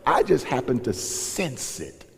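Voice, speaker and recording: A man's voice: medium pitch, wildly swooping pitch, slow, creaky. A man, a pastor, preaching in a folksy storytelling way and acting out dialogue in raised voices. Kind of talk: sermon storytelling. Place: church sanctuary. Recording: long reverb in a large hall.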